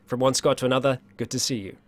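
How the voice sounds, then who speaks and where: Man, livestream host, casual Q&A chat, mid-pitched voice, upbeat, laughs a lot, stumbling restarts, slightly worn voice. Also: steady tone, fast, dry recording. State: voice getting worn.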